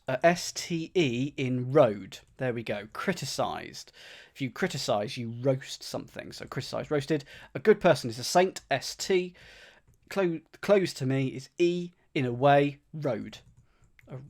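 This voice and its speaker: A man's voice: medium pitch, expressive, unhurried, darkish tone. A man streaming himself solving a crossword, thinking aloud, repeating clues under his breath and thanking viewers by name.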